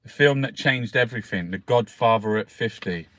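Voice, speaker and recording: A man's voice: mid-range voice, moderate pace, a bit bright, no room sound. An Irish man hosting a casual newspaper review, rambling and swearing freely as he talks. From Ireland. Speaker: host.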